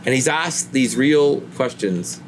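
A man preaching a sermon in an earnest way, his voice rising high when he voices pleading questions to God. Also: expressive, takes it slowly, slight background noise.

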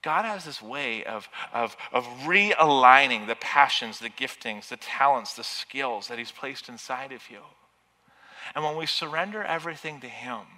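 A man preaching a sermon with passion, building to loud, urgent peaks. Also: mid-range voice, lively intonation, normal speed. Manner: impassioned, rising to near shouting at peaks. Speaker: pastor. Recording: long reverb of a large hall.

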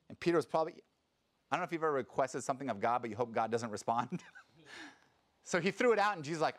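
Man preaching in a lively conversational way. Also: mid-range voice, quick pace, pauses often. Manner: conversational, animated preaching with sudden loud acted quotes. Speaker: pastor. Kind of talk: sermon.

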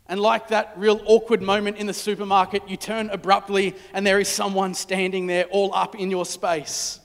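A man preaching a storytelling sermon, dramatic, dropping to hushed tones at key moments. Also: sits high, flat delivery, moderate pace, vocal fry, big-room sound. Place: church.

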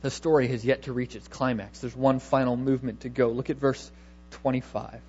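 A man's voice: mid-range voice, steady tone, fairly quick, darkish tone, husky, highs cut off. A man preaching a sermon, emphatic, repeating key words and asking rhetorical questions.

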